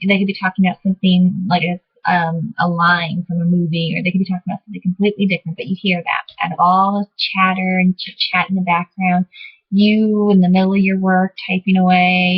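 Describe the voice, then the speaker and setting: A woman's voice: fairly low pitch, breathy edge, phone-quality sound. A woman explaining spiritual practices to her viewers in a casual, rambling way, full of fillers and self-corrections. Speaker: vlogger teaching divination. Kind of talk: casual explanatory talk to camera.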